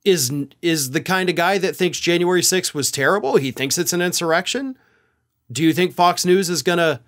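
A man's voice: fairly high pitch, fairly bright tone. A man hosting a political commentary monologue, speaking in a sarcastic, opinionated way. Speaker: host.

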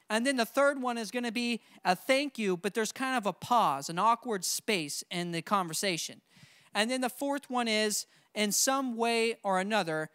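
A young adult man leading a church training seminar, coaching his audience with lively call-and-response. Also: high-pitched, normal speed, clean tone, no room sound, clean studio sound. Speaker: seminar presenter.

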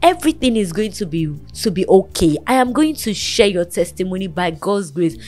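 A woman's voice: mid-range voice, animated, normal speed, darkish tone, soft background music. A woman hosting a talk show, earnestly counselling and encouraging a guest in a motherly, preaching way.

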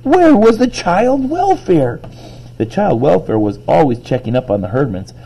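A man's voice: mid-range voice, expressive, a little fast, gravelly, breathy edge, low-quality recording. Man doing a bossy, indignant tough little girl. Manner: loud and indignant.

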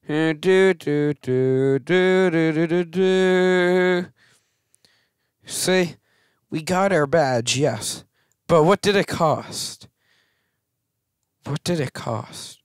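A man's voice: on the high side, drawn-out words, smooth, no echo, studio quality. A man hosting a game let's play, giving casual commentary that turns into melodramatic grumbling and self-mocking rants.

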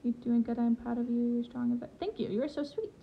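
A woman's voice: fairly high pitch, fairly even intonation, a little fast, gravelly. A young woman chatting casually on a gaming livestream, reading and answering chat while she plays. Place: home in a rural area. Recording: lo-fi stream audio, faint background hiss.

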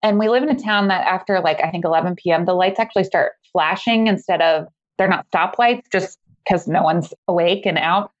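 A woman telling a personal story as a podcast guest, in a casual, animated way, laughing often as she talks. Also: on the low side, fairly quick, highs cut off.

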